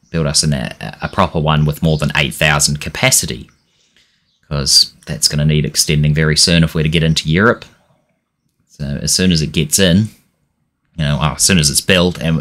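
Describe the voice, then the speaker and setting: Young male game streamer, low voice, narrates matches and loses his temper at the team. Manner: frustrated, swearing, shouting at his players. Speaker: gaming channel host. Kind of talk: let's-play commentary.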